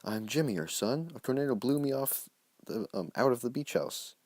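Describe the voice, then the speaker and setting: A man's voice: medium pitch, expressive, moderate pace, darkish tone, no echo, voice pushed up, lightly acted. A man voicing a young rich boy who has turned hobo, telling his story in a flustered, earnest first person.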